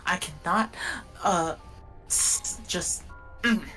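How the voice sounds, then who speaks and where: Streamer woman, low voice, blunt and exasperated, casual chat, mic a little distant. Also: very slow, bright, forceful tone, faint music behind. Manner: blunt, exasperated storytelling with profanity.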